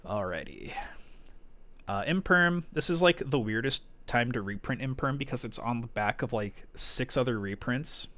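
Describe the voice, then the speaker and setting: A man talking loosely and conversationally on a live stream, thinking aloud as he goes. His voice sits at an ordinary middle pitch. Now and then he bursts into short excited exclamations. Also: moderate pace, dry recording. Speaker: livestreamer opening card packs. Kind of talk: casual live-stream chat.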